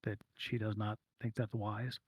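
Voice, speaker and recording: A man's voice: lowish voice, flat delivery, a little slow, breathy edge. A man narrating as game master of a streamed tabletop game, rambling with fillers and humming to himself. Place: home streaming setup.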